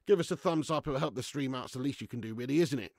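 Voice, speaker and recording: A man's voice: mid-range voice, very fast, gravelly, no echo, clean studio sound. A young man hosting a live football watch-along, swinging between deflated muttering and swearing rants. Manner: swearing, ranting fan commentary. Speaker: fan watch-along host.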